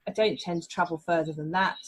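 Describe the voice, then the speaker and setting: A woman's voice: on the low side, steady tone, quick pace, poor audio. A woman from England, a family mediator, explaining her work in a podcast interview in a reassuring way.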